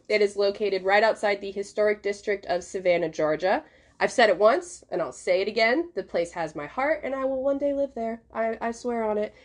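A woman hosting a podcast in casual chat, chatty and quick to laugh. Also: mid-range voice. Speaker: podcast host.

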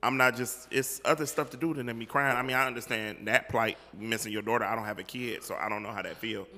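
A man's voice: mid-range voice, steady tone, fast talker, bright, forceful tone. A man in casual chat among friends, blunt and tough-talking. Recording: long hall reverb.

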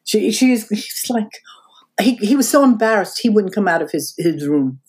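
An older woman appears as a podcast guest, telling stories from her past in an interview. She's animated and acts out the voices of the people she quotes. Her voice is medium in pitch and her speed is normal.

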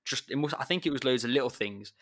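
A man, a secondary school maths teacher, talking in a relaxed chat and acting out his pupils as he tells stories. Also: mid-range voice, fast talker. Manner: chatty, animated when retelling pupils. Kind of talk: casual chat.

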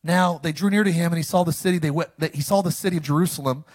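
Man, pastor, preaching a sermon, high voice, call-and-response, animated. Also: very fast, husky. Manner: call-and-response, animated with sudden loud lines.

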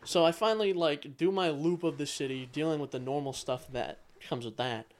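A man co-hosts a casual podcast, ranting in a blunt, profane way. His voice sits a little on the high side. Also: brisk. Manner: blunt, profane, grumbling rants. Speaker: podcast co-host. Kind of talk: casual chat.

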